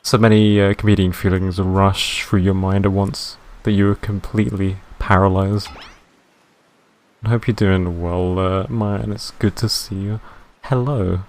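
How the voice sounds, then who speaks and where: A man streaming a game live, reading its narration in a deadpan way and chatting with viewers. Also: sits low, a little slow.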